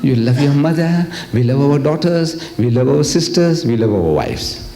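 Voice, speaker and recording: An older man giving a religious lecture to a live audience, rhetorical and animated, firing questions at the crowd. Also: mid-range voice, normal speed. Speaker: Islamic lecturer. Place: lecture hall. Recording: echoey hall with faint ambient noise.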